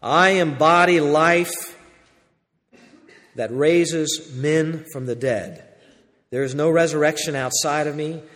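Man preaching a sermon in a reverberant hall. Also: fairly high pitch. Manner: swings from loud urgent preaching to quiet intimate tones. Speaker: pastor.

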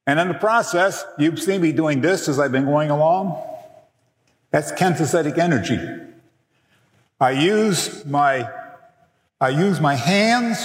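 Middle-aged guy teaching a workshop, slow and emphatic, echoey hall. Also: a little high. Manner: slow, deliberate, emphatic delivery. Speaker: biblical counseling teacher. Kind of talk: teaching a workshop session with slides. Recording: echoey hall, long reverb.

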